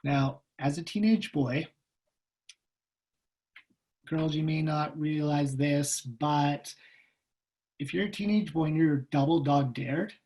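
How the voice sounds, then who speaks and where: A man giving a personal storytelling talk as a guest speaker over a video call, lively and humorous, acting out the voices in his stories. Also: fairly high pitch, slow, pauses often, low-quality recording.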